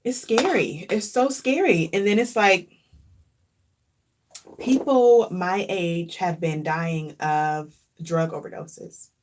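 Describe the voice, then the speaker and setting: A woman's voice: lowish voice, takes it slowly, slight background noise. A woman vlogger talking casually and earnestly, openly emotional and reflective, often repeating phrases for emphasis. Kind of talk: casual chat.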